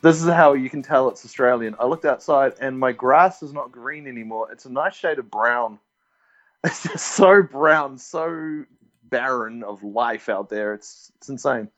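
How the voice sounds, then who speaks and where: A man's voice: medium pitch, unhurried, fairly bright tone, muffled recording, soft background music. A man from New Zealand with a New Zealand accent, a guest chatting casually from his home recording studio. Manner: laid-back, chatty, laughs often. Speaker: podcast guest. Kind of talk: casual chat.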